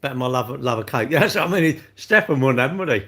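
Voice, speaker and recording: A man's voice: medium pitch, expressive, quick pace, fairly bright tone. A man, chatting cheekily and rambling to his livestream viewers while eating cake with his mouth full.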